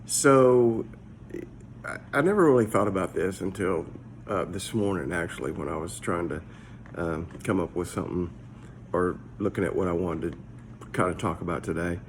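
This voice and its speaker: Low-voiced pastor giving a casual devotional. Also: male voice, normal speed, slight background noise. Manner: conversational, searching, repeats words. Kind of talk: short devotional talk.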